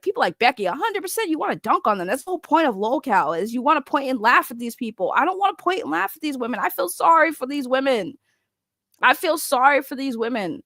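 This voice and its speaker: A woman's voice: high voice, fairly bright tone, dry recording. Rambling, foul-mouthed young female host, dry close sound. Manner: rambling, chatty, swears freely. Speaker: commentary channel host. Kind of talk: casual reaction commentary.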